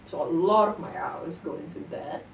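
A young woman talks casually and tells her stories with animated energy. She sits back from the microphone in an echoey room. A faint hiss runs under her voice. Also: fairly low pitch, moderate pace. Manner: animated storytelling, laughs often. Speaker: guest. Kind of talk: casual chat. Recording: echoey room, distant mic, faint noise.

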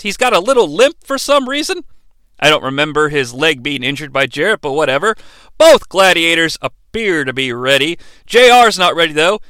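A man's voice: on the high side, pushed and bright, clean tone, dry recording. A man hosting a podcast, giving a sarcastic, jokey recap of a wrestling match. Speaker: podcast host.

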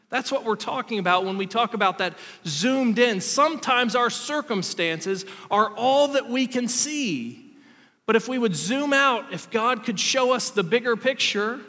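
A man's voice: high-pitched, pushed and bright, in a large hall. A man in his thirties preaching a sermon, telling a story about himself and acting out the quotes in it. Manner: storytelling, self-deprecating, acts out quotes. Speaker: pastor.

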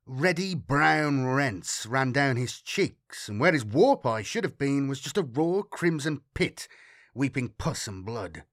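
A man reading a sci-fi audiobook in a steady, dramatic storytelling manner. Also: mid-range voice, takes it slowly, no echo, clean studio sound. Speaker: audiobook narrator. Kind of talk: scripted narration.

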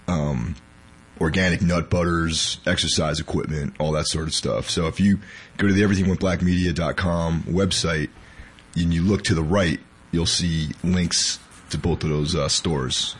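A man's voice: very deep voice, husky. A man hosting a podcast, still sick and sounding weak, talking casually with lots of fillers. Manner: rambling, filler-heavy. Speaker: podcast host.

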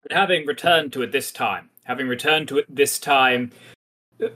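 A man's voice: mid-range voice, moderate pace, pushed and bright. A man hosting a podcast, talking through a comic in a chatty, thoughtful and mildly wry way. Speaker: podcast host. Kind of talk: casual podcast discussion.

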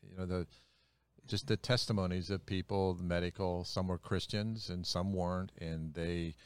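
A man's voice: low voice, no echo. A man who is a pastor and co-host, talking in a folksy, joking way with lots of restarts in a casual podcast chat.

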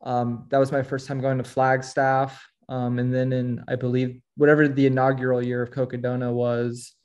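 A man's voice: mid-range voice, completely flat delivery, moderate pace, darkish tone, muffled recording. Easygoing man telling a story. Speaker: podcast guest. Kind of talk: casual interview chat.

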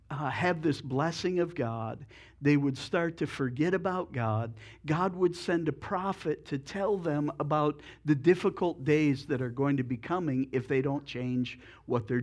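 A male preacher delivering a sermon with folksy humor and relaxed storytelling. His voice sits fairly high for a man, and he often corrects himself mid-sentence. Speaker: pastor.

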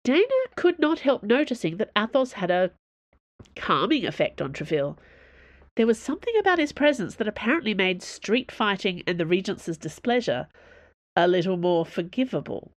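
A woman narrating an audiobook in a measured, expressive way. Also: mid-range voice, no echo, studio quality.

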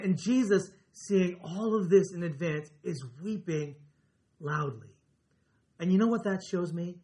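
A pastor preaching a sermon in an earnest way, slowing down and dropping his voice on key words. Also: high-pitched, darkish tone.

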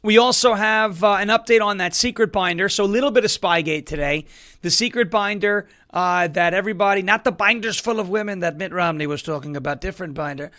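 High, bright-voiced sarcastic male host. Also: a little fast. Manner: sarcastic, joking. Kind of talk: political commentary show.

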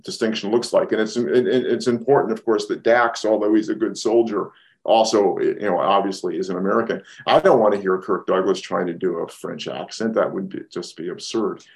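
A man with a somewhat low voice talks casually about a film as a podcast co-host. He thinks aloud, circling back and restarting sentences as he builds an argument.

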